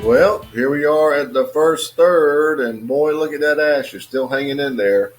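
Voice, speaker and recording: A man casually reviewing a cigar on his video channel, in a relaxed, musing way with many fillers. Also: fairly high pitch, unhurried, soft background music.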